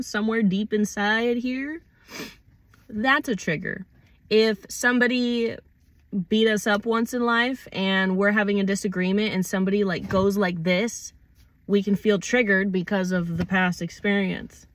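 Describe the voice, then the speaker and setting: A woman's voice: mid-range voice, fairly even intonation, moderate pace, no room sound. Woman musing aloud, dry close sound. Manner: thoughtful, conversational, swears freely, acts out quoted arguments. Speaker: channel host. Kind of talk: casual reflective monologue.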